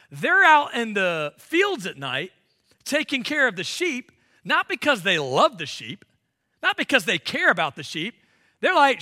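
A male pastor delivers a sermon in a lively, conversational style, throwing rhetorical questions at the congregation. His voice sits high.

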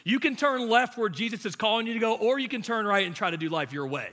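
A man preaching with a bright, forceful voice that sits a little higher than most men's. He talks in a relaxed, conversational way, animated and full of casual fillers, more like chatting with his congregation than lecturing. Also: fast. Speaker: pastor. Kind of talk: sermon.

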